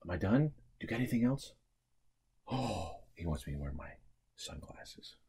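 A man teaching a remote preschool lesson, playful and animated, swinging from hushed to excited. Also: on the low side, normal speed, husky.

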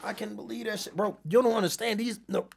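A man with a slightly high voice talks very fast, with a gravelly, husky edge to his sound. He is a content creator in casual chat, spinning profane, rambling stories and correcting himself mid-sentence. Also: fairly even intonation. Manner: profane, rambling storyteller, quick to self-correct.

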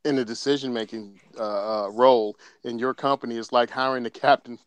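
A man's voice: mid-range voice, steady tone, brisk, clear, resonant tone, dry recording. Joking man telling a gun story. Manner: storytelling, joking, laughs often. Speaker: podcast co-host. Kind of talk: casual chat.

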